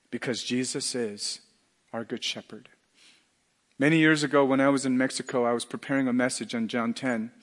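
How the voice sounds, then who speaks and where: A middle-aged male pastor preaching a sermon earnestly, dropping to a hush and then rising to loud emphatic lines. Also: mid-range voice, big-room sound.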